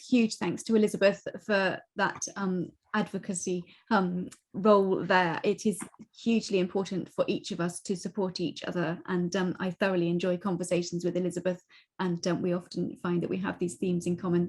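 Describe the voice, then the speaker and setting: A woman chairs an online panel in a measured, appreciative way. Her voice is lowish and very even in pitch. She is heard over a video call.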